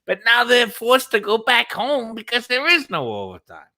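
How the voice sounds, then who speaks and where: Animated storytelling man, swearing freely. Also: extremely high pitch, moderate pace. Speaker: co-host. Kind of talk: casual live-stream chat.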